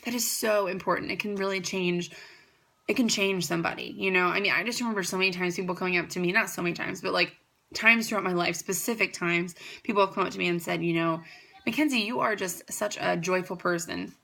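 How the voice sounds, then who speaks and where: A young woman pitching her greeting card business to the camera in a chatty, upbeat way, rambling with fillers and restarts. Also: fairly even intonation, quick pace, vocal fry, sharp tone. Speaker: card company founder. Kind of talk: casual product pitch to camera.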